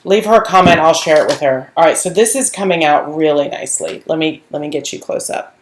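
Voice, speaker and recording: Low-voiced and speaking a little fast, this middle-aged furniture painting tutor and shop owner wanders through a story as she paints, chatting casually with many restarts. Faint noise and echo fill the room.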